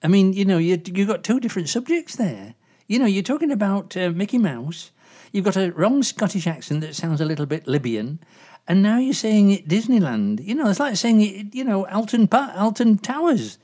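A woman's voice: mid-range voice, expressive, moderate pace, warm tone, lightly acted. A woman playing a gossipy older woman agony aunt in a comedy sketch, rambling with lots of asides. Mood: chatty. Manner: rambling, full of "you know" and asides.

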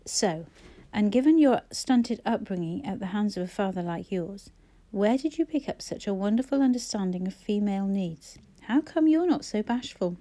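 Woman voicing hoarse, wry sick woman Clara. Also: mid-range voice, expressive, normal speed, few pauses, dark tone, close to an everyday voice. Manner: wry, teasing. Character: ailing older woman, hoarse, dry wit.

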